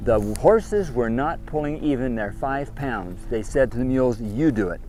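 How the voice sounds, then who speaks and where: A man's voice: medium pitch, animated, moderate pace, mellow. Stern man lecturing a group outdoors. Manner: stern, questioning, repeats commands. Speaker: trip leader addressing a group of kids.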